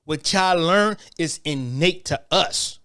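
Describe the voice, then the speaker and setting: A man's voice: fairly high pitch, slow pace, sharp tone, clear, resonant tone. A man giving a blunt, profane opinion rant, repeating himself for emphasis.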